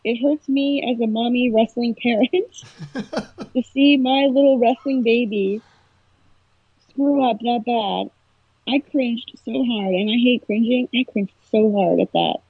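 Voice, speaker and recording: A woman's voice: a little high, a little slow, dry recording. A woman chatting casually on a podcast, telling a story with emotion and animation. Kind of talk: casual chat. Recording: husky voice over a tinny phone-like line.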